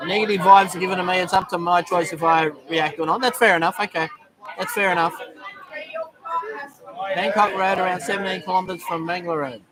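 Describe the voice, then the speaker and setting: A middle-aged Australian man with a fairly high voice talks casually on a live stream, full of ums and quick greetings to viewers. A crowd of bar patrons chatters clearly around him. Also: fairly even intonation. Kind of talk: casual live-stream chat reading comments. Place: busy bar in Thailand. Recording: noisy bar crowd behind.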